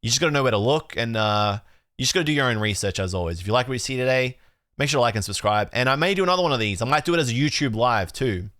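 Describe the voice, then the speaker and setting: A man's voice: mid-range voice, very fast, dry recording, studio quality. Laid-back Australian man on a stream. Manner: relaxed, chatty, retakes his outro lines. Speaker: streamer and card collecting host. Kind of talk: casual live-stream chat.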